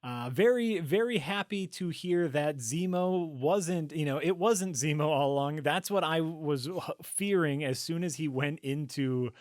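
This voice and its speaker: A man co-hosting a casual show discussion, relaxed and agreeable with quick asides. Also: fairly high pitch, dry recording, studio quality. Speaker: podcast co-host. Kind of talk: casual chat.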